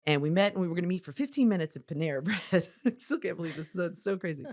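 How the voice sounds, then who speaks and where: A woman co-hosting a podcast, telling a story in an animated way, laughing often and acting out what people said. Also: fairly low pitch, very fast. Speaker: podcast co-host and business owner.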